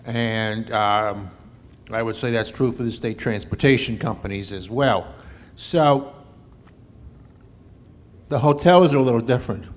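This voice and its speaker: A man's voice: mid-range voice, measured pace, pauses often. A man in a conference audience asking a question in a conversational, thinking-aloud way.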